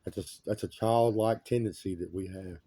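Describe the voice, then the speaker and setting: A man talking on his own in a rambling monologue, his voice low and very dark and mellow. He sounds agitated and repeats his points with insistence. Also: normal speed, slightly rough. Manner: agitated, repetitive, emphatic complaints.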